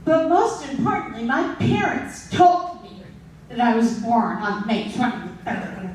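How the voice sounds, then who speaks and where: Woman, 60s, live storyteller; slightly high voice, unhurried comic delivery, distant miked in a reverberant room. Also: darkish tone, a little hiss or hum. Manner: slow, comic, with dramatic pauses. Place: stage at a live story slam. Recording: very echoey hall, distant mic.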